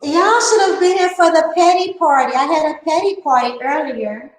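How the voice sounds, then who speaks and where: A woman's voice: sits high, normal speed, roomy sound, rough recording. A woman hosting a casual livestream, talking sarcastically to her chat and laughing often. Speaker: livestream host.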